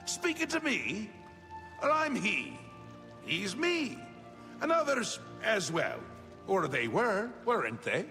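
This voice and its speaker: A whimsical, menacing mad god, leaping wildly between high chirps and low growls. His bright, gravelly voice rings with a long reverb in the game audio. Faint music plays behind him. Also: huge pitch swings, slow pace, exaggerated voice. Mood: manic, capricious. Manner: wild swings from chirpy to menacing, theatrical. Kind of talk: video game voice acting.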